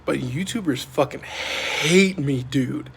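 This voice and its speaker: Sitting in a parked vehicle at night near a microwave, a man rambles casually for his vlog, full of filler words as he meanders. He sounds a little high, slow and gravelly, with background noise present.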